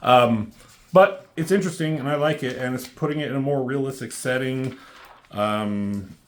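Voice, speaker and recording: Here a man with a mid-range voice and moderate pace offers a laid-back, profane recap and review of a comic book. When quoting characters, he reads their lines a little louder.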